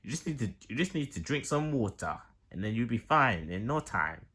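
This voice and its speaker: A man's voice: medium pitch, sing-song, normal speed, a bit bright, husky. A man voicing a plain, matter-of-fact doctor in a homemade plush-toy skit. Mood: calm. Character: calm dismissive doctor.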